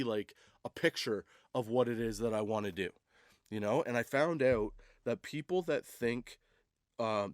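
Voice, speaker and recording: A man's voice: medium pitch, no room sound, clean studio sound. A man hosting a comedy podcast, rambling through a casual monologue with laughs and restarts. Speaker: podcast host.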